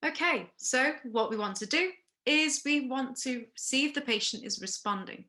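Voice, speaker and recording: A woman teaching a first aid workshop in a recorded lesson, explaining each step, pausing to ask questions, and checking in with frequent okays. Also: high-pitched, lively intonation, pushed and bright.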